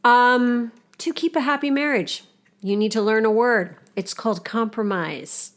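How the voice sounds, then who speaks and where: A woman's voice: a little high, a little slow. Blunt, profane woman podcaster. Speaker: podcast co-host. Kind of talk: casual podcast chat.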